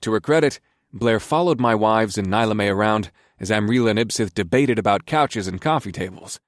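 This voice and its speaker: Low-voiced male audiobook narrator. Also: fairly quick, no echo, studio quality. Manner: relaxed, conversational storytelling. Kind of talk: scripted first-person narration.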